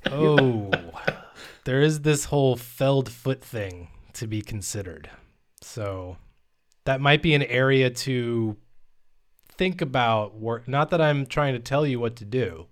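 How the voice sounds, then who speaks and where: Podcast guy doing a fake office review, dry and deadpan, normal pitched voice. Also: slow pace. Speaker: podcast co-host. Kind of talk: casual podcast banter.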